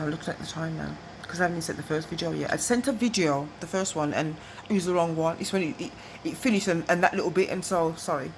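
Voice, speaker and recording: A woman's voice: sits low, a little hiss or hum, poor audio. A middle-aged woman, telling rambling personal stories to camera, digressive and chatty, often asking "you know what I mean?". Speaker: vlogger.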